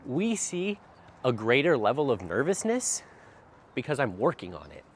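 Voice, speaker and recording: A man's voice: medium pitch, huge pitch swings, moderate pace. A man working as a dog trainer, explaining while he walks a dog outdoors, with a habit of asking "right?" after short phrases. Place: outdoors by a street. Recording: faint outdoor noise.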